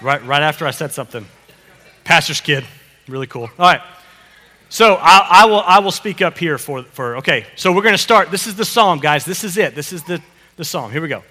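A man preaching with a bright, slightly high voice that swings widely in pitch. He coaches and encourages as he goes, repeating his phrases. His voice rings out in a church hall with a long reverb. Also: animated, fairly quick. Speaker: pastor. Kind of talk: sermon with children acting out a psalm.

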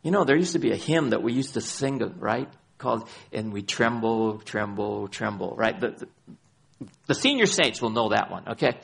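A man preaching a sermon, his voice gravelly and a little husky. He names scripture passages by chapter and verse and drives points home by repeating his key phrases. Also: medium pitch, animated, moderate pace. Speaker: pastor.

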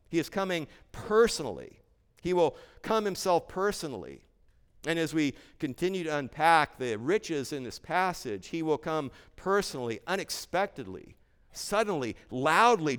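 A man's voice: fairly high pitch, clean tone, in a large hall. A man preaching a sermon as pastor, addressing the congregation as "beloved" and building his points through emphatic repetition.

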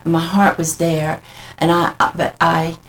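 A middle-aged woman, a guest, telling her personal faith story in an earnest, halting, heartfelt way. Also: low voice, little pitch movement, poor audio.

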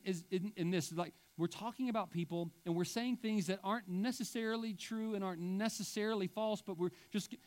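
A man's voice: sits high, darkish tone. A male pastor preaching a sermon with emphatic delivery and wry asides.

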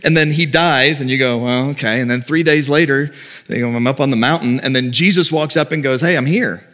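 A man's voice: mid-range voice, steady tone, a little fast, a bit bright. Middle-aged male pastor, conversational sermon delivery, mid-range voice, acts out quoted doubts.

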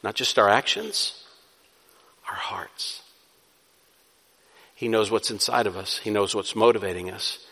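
A man's voice: on the low side, fairly quick, gravelly, sharp tone. A man preaching a sermon as pastor, emphatic, asking questions and answering them himself. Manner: emphatic, asks and answers his own questions. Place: church sanctuary. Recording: reverberant hall.

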